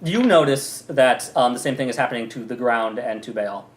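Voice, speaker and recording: A man narrating as game master of a tabletop game, rambling with fillers and quick laughs. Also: medium pitch, expressive, poor audio.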